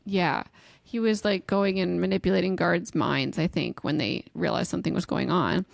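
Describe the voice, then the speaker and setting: A woman's voice: on the low side, normal speed, vocal fry, no echo. A woman podcast co-host in casual chat, recapping a novel's chapter with frequent laughs and acted-out quotes. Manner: animated storyteller, laughs often, acts out quotes.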